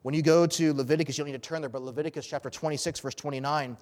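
A man's voice: a little high, fairly even intonation, racing, a little mellow, big-room sound. A man preaching an expository sermon as pastor, earnest and emphatic.

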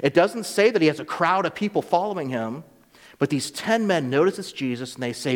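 A man's voice: on the high side, animated, brisk. Man preaching in a reverberant hall. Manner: conversational, acts out voices of biblical figures. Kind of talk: sermon.

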